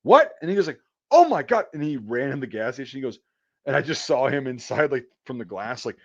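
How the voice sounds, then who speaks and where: A man's voice: mid-range voice, fast talker. A man in an everyday middle register spins a loose, profane story from his job as an electrician. He restarts his sentences, leans on fillers and swears freely. The recording sounds a little dull and lo-fi. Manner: profane, rambling, full of fillers. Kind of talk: casual storytelling on a podcast.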